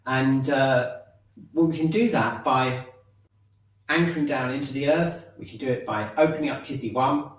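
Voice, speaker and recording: A man teaching a shiatsu and qigong class, giving calm, encouraging step-by-step instructions. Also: medium pitch, moderate pace, distant mic. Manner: calm, encouraging instructions, often checking in with "okay". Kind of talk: guiding an online movement class. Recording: very echoey room, voice off-mic.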